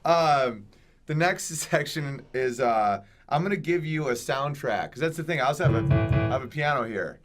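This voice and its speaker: A man's voice: mid-range voice, expressive, music in the background. A young man hosting a podcast, riffing in loose, joking casual chat. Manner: joking, riffing, quick asides. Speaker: podcast host.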